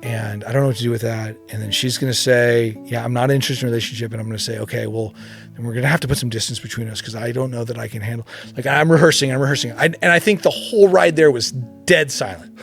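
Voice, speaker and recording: A man around fifty, a podcast guest, telling a story in casual chat, animated, acting out voices and laughing often. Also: medium pitch, fast, vocal fry, soft background music.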